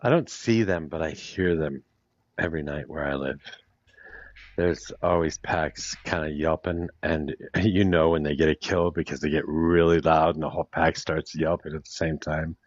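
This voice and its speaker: A man's voice: very deep voice, steady tone, moderate pace. A man hosting a casual group audio chat, talking bluntly and swearing now and then. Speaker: host of a live audio panel. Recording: dull lo-fi audio.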